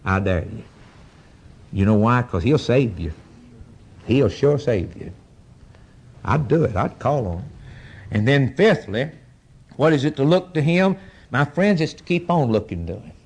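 An older man preaching a sermon, pleading and impassioned, his voice rising to high cries and then dropping low. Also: animated, measured pace, long pauses, a little mellow, breathy edge.

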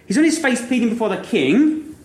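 A man preaching a sermon, retelling a parable with vivid, animated storytelling and frequent rhetorical questions. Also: extremely high pitch, a little fast. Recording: echoey room.

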